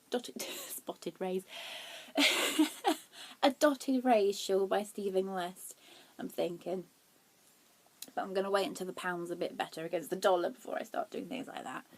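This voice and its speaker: A young woman hosting a knitting podcast, chatting casually and excitably, laughing at herself as she shows her yarn. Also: medium pitch. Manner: excitable, giggly, self-deprecating.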